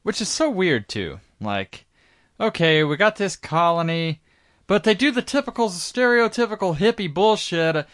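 Higher-voiced man, hesitant and casual. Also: sing-song, normal speed, a bit bright, dry recording, clean studio sound. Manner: hesitant, many "you know" fillers. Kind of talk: casual movie recap chat.

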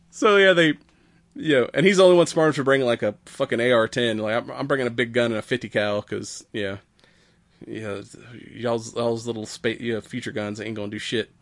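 A man's voice: medium pitch, fairly even intonation, fairly quick, no echo. A man on a podcast casually retelling a movie plot, rambling and profane, acting out the characters' lines as he goes. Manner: rambling, profane, acts out quoted characters with laughs. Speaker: podcast host. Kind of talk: casual movie recap chat.

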